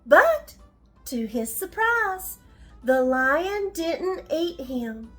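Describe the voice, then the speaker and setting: An older woman telling a bedtime story to children, gently asking them questions along the way. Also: very high voice, big pitch swings, very slow, faint music behind.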